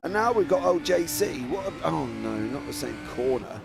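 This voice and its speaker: English man, gravelly, sim race commentator, teasing and excitable. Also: fairly high pitch, moderate pace, over music. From England. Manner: excitable, teasing, shouts at drivers.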